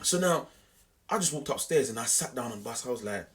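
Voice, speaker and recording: A young man telling a story to camera in an animated, slangy, repetitive way. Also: medium pitch, fast. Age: young adult. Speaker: vlogger.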